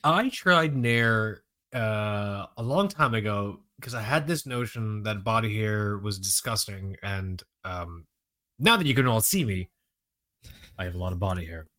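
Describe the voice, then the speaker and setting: A man co-hosting a podcast in casual chat, animated and joking, swearing freely and laughing easily. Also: fairly low pitch, normal speed. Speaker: podcast co-host.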